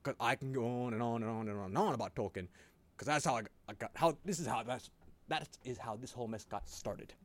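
A man hosting a podcast in casual chat, telling animated stories, swearing often and laughing a lot. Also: medium pitch, quick pace. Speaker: podcast host.

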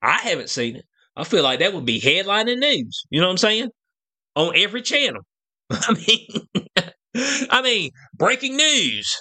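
A man's voice: high voice, big pitch swings, normal speed, long pauses, pushed and bright. A man giving a casual, slang-heavy commentary rant as a vlogger, full of rhetorical asides and check-ins with his viewers. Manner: slangy, rhetorical, keeps asking "you know what I'm saying".

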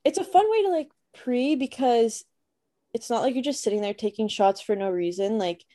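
A woman's voice: on the high side, expressive, moderate pace, mellow. A young woman podcast co-host from Canada, chatting casually and telling a story with lots of fillers. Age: young adult.

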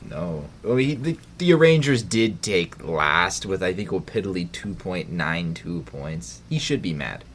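A man's voice: deep voice, animated, measured pace, hardly any pauses, a little hiss or hum. A man co-hosting a casual podcast, chatty, often repeating words. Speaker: podcast co-host.

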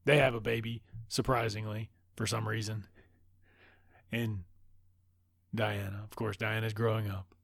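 Gravelly man doing a sarcastic movie recap. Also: fairly low pitch, little pitch movement, unhurried, long pauses, a bit bright, no echo, studio quality. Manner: sarcastic, rambling asides, heavy swearing. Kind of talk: profane comedic movie recap.

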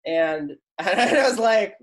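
A man's voice: sits high, animated, takes it slowly, fairly bright tone. Male talk show guest, casual storyteller, rambly, heavy on fillers. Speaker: guest, actor and comedy writer.

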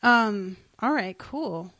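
Woman podcast host, animated casual chat, swears freely, very dry close sound. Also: medium pitch, extremely slow, dry recording. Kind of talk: casual chat, retelling a comic.

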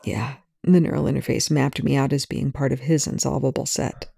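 A reader voicing a shaken military colonel who speaks low, quiet and strained. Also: fairly even intonation, brisk, vocal fry, slightly rough, no room sound. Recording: dry close recording.

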